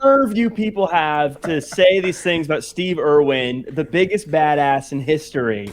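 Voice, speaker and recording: A man's voice: fairly high pitch, expressive, a little slow. A man on a casual stream panel, riffing jokey tangents. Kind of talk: casual chat.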